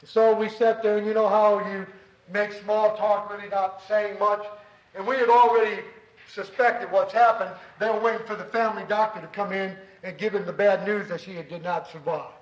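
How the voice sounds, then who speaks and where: A man preaching a sermon, telling a story earnestly and dropping to a soft, low voice for emphasis. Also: fairly even intonation, moderate pace, reverberant, dull audio.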